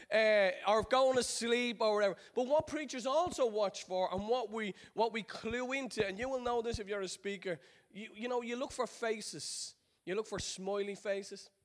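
A man from Ireland with an Irish accent, preaching a sermon in a chatty, joking storytelling way that drops into quiet prayer. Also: sits high. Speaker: pastor.

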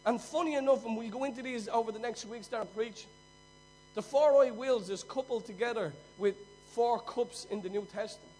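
A man delivers a sermon from the pulpit with a high-pitched voice. He presses his points with a repetitive, emphatic preaching cadence. Soft music plays faintly behind him. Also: a little fast, low-quality recording. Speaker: pastor.

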